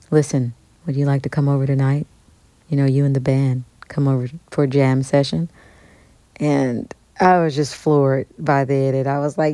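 Animated woman telling a story. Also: rumbling low, normal speed, no echo. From United States. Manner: animated storytelling, acts out quoted dialogue. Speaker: guest musician. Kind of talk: storytelling in an interview.

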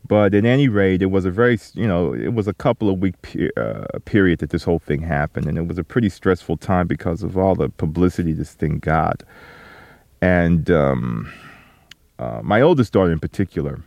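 A middle-aged man answering interview questions slowly and reflectively, with many fillers and restarts. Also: deep voice, lively intonation, gravelly, darkish tone, no echo. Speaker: interview guest, author.

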